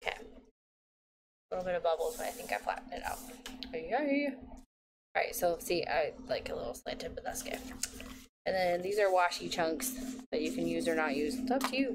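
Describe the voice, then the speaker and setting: A woman's voice: mid-range voice, vocal fry. A woman in her thirties from the United States, narrating a casual planner session while she works, chatty and mildly sarcastic, talking to herself. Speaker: planner vlogger. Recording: noisy home recording.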